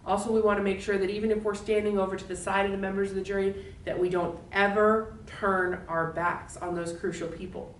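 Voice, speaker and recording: A woman giving a recorded lecture as a law instructor, explaining in a clear, steady way. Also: mid-range voice, a little fast, hardly any pauses, echoey room, far from the mic, a little hiss or hum, poor audio.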